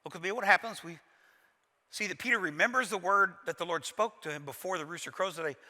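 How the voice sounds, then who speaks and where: The reverberant hall of a large church carries a Kentucky pastor's high, fast, pushed and bright voice. He's preaching, acting out a scene with dramatic flair and folksy jokes.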